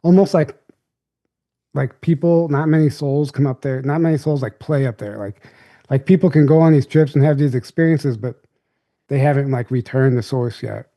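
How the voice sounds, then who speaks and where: A man's voice: mid-range voice, moderate pace, dark tone. A young adult man, a podcast guest, telling a story in a loose, rambling, casual way.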